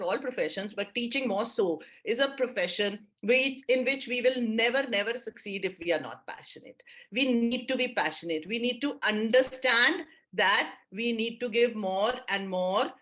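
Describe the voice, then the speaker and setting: A woman's voice: a little high, a bit bright. A woman leading an online mindfulness workshop for teachers, upbeat and encouraging, with lots of praise for her audience.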